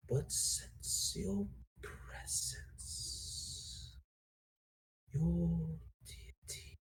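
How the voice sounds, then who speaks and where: A man voicing a dragon spirit that speaks in a mother's voice, with a deep, resonating whisper. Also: mellow, a little hiss or hum, heavily acted.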